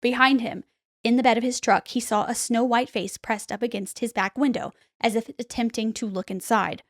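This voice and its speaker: A woman hosting a podcast, telling a spooky story in an animated, casual way and acting out the quotes. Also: a little high, moderate pace, dry recording, clean studio sound. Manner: animated retelling, acts out quotes. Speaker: podcast host.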